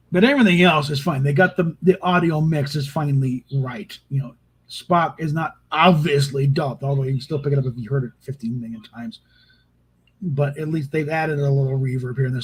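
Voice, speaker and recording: A man's voice: medium pitch, a little hiss or hum, poor audio. A man giving casual, rambling spoken commentary on a film, with frequent restarts and exasperated asides. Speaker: video host reviewing a film.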